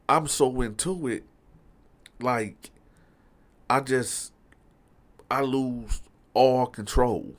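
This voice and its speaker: A man telling a true story from his past in a casual, animated monologue, talking straight to his audience with lots of fillers. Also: low-pitched. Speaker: storyteller host.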